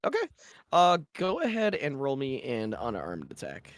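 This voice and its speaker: A man's voice: medium pitch, wildly swooping pitch, normal speed, dry recording. Rambling male game master narrating. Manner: loose narration full of "like" fillers.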